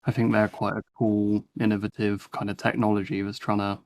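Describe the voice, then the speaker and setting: A man's voice: lowish voice, flat delivery, brisk, gravelly, a little mellow. A man, talking in a casual podcast panel discussion, chatty and fond of tag questions.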